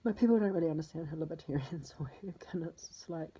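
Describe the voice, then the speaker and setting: Very husky, low-pitched distraught woman. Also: brisk, mellow, rough recording. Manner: distraught, rambling, swearing; drops to a husky whisper. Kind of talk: personal spoken diary.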